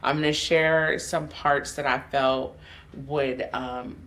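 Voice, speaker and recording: A woman's voice: low voice, steady tone, slow pace, a bit bright. Woman coach, solo podcast host, open and emotional, speaks right to her audience. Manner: candid, emotional, speaks directly to listeners. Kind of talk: personal motivational podcast monologue.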